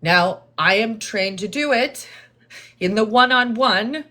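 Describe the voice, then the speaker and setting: Slow, deliberate woman livestreamer. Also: on the high side. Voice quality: measured tone heard as condescending. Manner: deliberate, therapist-like, calm and explanatory. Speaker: livestream host responding to chat. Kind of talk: slow, measured live-stream talk to viewers.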